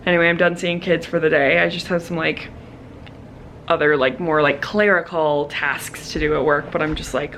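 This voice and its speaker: A woman's voice: sits low, fairly even intonation, moderate pace, fairly bright tone, slight background noise. Chatty young woman rambling in a vlog. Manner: chatty, rambling, lots of fillers. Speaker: vlogger and teacher. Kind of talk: casual vlog chat.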